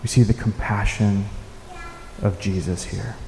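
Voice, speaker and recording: Mellow-voiced pastor in an echoey hall. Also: male voice, fairly low pitch, fairly even intonation, slight background noise. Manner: unhurried, reflective, with soft-spoken quoted lines. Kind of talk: sermon. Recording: echoey hall with faint ambience.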